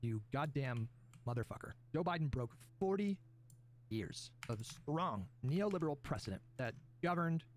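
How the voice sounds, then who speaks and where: A man's voice: a little high, animated, moderate pace, a little hiss or hum. A male commentator in a played clip, mocking his opponents with sarcastic, theatrical outbursts.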